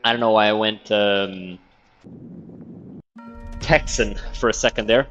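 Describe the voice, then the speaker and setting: A man giving loose, profane commentary while streaming a video game, thinking out loud as he plays. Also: on the low side, steady tone, a little slow, highs cut off, faint music behind. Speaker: gaming streamer. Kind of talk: casual gameplay commentary.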